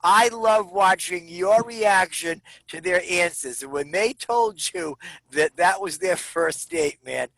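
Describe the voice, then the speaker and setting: Bright, gushing man on a video chat. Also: high voice, slow pace, vocal fry, no room sound, low-quality recording. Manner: excited, gushing praise. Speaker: guest comedian.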